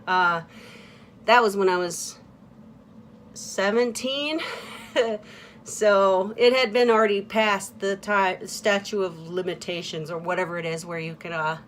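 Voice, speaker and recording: In this confessional-style vlog, a woman talks openly yet haltingly, restarting often, leaning on fillers, and trailing off softly. Her mid-range voice keeps a steady tone, with a faint hiss or hum in the recording.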